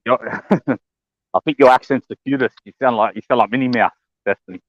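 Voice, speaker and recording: A man's voice: mid-range voice, fairly quick, no room sound, dull audio. A tired man, chatting casually and laughing easily. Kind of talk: casual chat.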